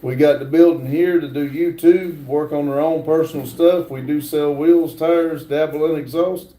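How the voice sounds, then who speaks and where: A man hosting a casual livestream, reading viewer comments aloud in a halting drawl from a garage workshop. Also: a little high, steady tone, warm tone, roomy sound, rough recording. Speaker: livestream host reading chat.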